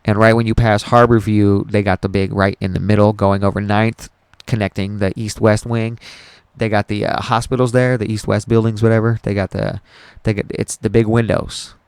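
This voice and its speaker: A young man with a low, gravelly voice talks through a painful memory. He rambles, swears freely and trips over his own words. His voice is smooth and resonant, and the recording is dry and close. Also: little pitch movement, moderate pace, hardly any pauses, a little mellow, dry recording. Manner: rambling, profane and emotional, with many restarts. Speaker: podcast host. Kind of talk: casual personal storytelling.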